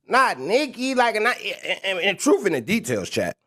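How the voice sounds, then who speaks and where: High-voiced man rambling on a livestream. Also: huge pitch swings, normal speed, fairly bright tone. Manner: stammering, restarting phrases, laughing it off. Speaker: rapper on a livestream.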